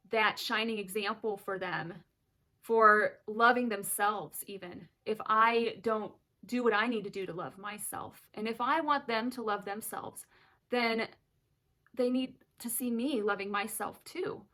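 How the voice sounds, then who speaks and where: A woman's voice: medium pitch, unhurried, bright, forceful tone. A woman in her thirties speaking in a candid personal vlog, earnest and emotional, close to tears at times. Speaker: mother of twin daughters sharing her story.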